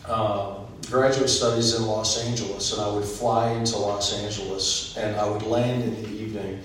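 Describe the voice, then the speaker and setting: A man's voice: on the low side, little pitch movement, moderate pace, a bit bright. A man preaching a sermon, earnest, building up in places, with frequent ums and restarts. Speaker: pastor. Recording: echoey hall from far off, faint noise.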